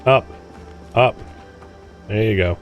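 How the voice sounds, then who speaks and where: A man's voice: fairly low pitch, takes it slowly, faint music behind. A man hosting a let's play, chatting casually through gameplay, exclaiming and grumbling at the game.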